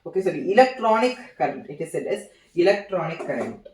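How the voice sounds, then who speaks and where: A young man gives an informal physics seminar, halting and repeating phrases as he writes. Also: fairly high pitch, very animated, recorded from a distance. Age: young adult. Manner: halting, repeats phrases while writing on a board. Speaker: student giving a physics seminar. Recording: echoey room, voice from off-mic.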